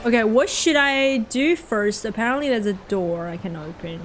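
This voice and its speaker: A woman's voice: fairly high pitch, normal speed, slight background noise. A young Australian woman with an Australian accent, chatting casually with her viewers while she plays a game on stream. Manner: chatty, answering chat while playing. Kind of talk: casual gameplay commentary.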